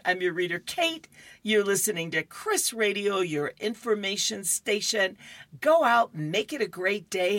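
A woman's voice: medium pitch, a bit bright, no echo. A woman radio reader describing newspaper comics, chatty, with laughing asides between panels.

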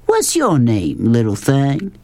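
A man voicing a loud, swaggering, bossy grown man who hollers and drawls. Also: medium pitch, wildly swooping pitch, takes it slowly, dry recording, heavily acted.

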